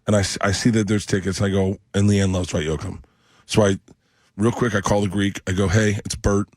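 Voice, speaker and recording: A man's voice: low voice, fairly even intonation, a little fast, dry recording. A middle-aged man, a comedian guest in a radio studio, telling a rambling story and acting out the voices of the people in it. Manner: rambling, acts out quoted voices.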